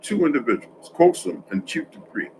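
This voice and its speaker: A man talking straight to his viewers in a loose, rambling monologue. His voice sits at a middle pitch, and he keeps stopping to correct himself mid-thought. He swings from loud, pushed lines down to near-hushed asides, with a faint hum of room noise behind him. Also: sing-song, normal speed, low-quality recording.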